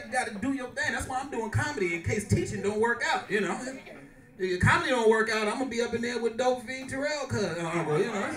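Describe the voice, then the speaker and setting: A male stand-up comedian telling loud, animated stories on a club stage and working the crowd. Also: high-pitched. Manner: loud, brash, animated storytelling with crowd work. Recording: echoey club, mic far, audience loud.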